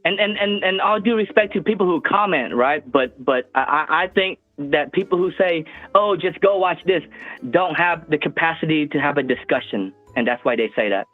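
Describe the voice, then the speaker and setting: A man calling in to a show, talking with halting, stammering restarts over a phone line. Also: on the high side, animated, no room sound, faint music behind. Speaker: caller. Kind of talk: phone-in chat.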